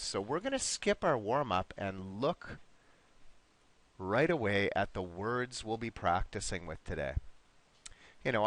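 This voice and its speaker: A man's voice: mid-range voice, a bit bright, dry recording. A man teaching an online English lesson, patiently encouraging his students and modeling pronunciation word by word.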